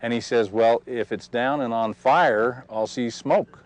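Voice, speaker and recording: A man telling a personal story in a folksy, animated way, recorded outdoors. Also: mid-range voice, unhurried, low-quality recording. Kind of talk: personal testimony told outdoors.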